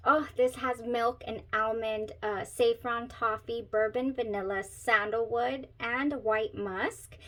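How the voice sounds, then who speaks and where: A woman's voice: on the high side, steady tone, takes it slowly, few pauses, fairly bright tone, low-quality recording. A woman hosting a casual perfume review vlog, chatty and giggly, often trailing off into searching asides. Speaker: perfume reviewer, channel host.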